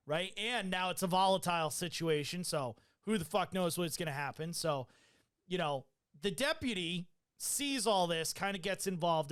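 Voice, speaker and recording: A man's voice: sits high, a bit bright, smooth. A man telling a profane call story. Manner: loose, profane storytelling with many fillers. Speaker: podcast host. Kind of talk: casual chat, recounting a call.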